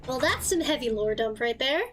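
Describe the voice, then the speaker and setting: A woman streaming a story game in casual chat, reacting loudly and swearing freely, her voice a little tired and strained. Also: sits high, animated, a little fast, background noise. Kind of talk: casual gaming livestream chat.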